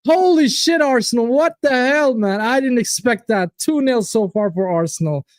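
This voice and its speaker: A man hosting a live football watchalong, reacting to the match and chatting to viewers in an excitable, casual way. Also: very high voice, moderate pace, no echo. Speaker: watchalong host. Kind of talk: live fan reaction commentary.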